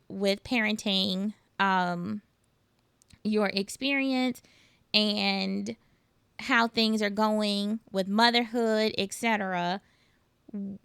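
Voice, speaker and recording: A woman hosting a podcast, talking in a relaxed, reflective way and pausing as she asks questions. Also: medium pitch, creaky, clean tone, dry recording. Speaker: podcast host. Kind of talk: casual conversational interview.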